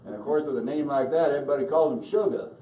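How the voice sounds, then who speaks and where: A man's voice: mid-range voice, very fast. A man emceeing a conference in a folksy, joking way, with many fillers. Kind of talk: casual emcee remarks. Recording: echoey hall, distant mic, crowd noise.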